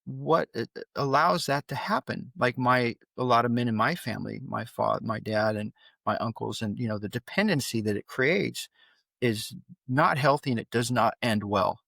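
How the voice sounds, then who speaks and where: Gravelly middle-aged man telling stories bluntly. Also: normal speed, no echo. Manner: animated, blunt, rises in pitch when worked up. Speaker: guest, father. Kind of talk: candid podcast storytelling.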